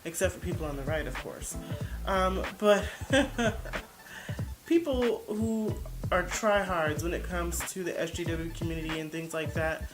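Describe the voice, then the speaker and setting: Blunt woman vlogger over loud music. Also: lowish voice, moderate pace. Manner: blunt, defensive, rambling. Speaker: vlogger reacting to a video. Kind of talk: casual reaction commentary.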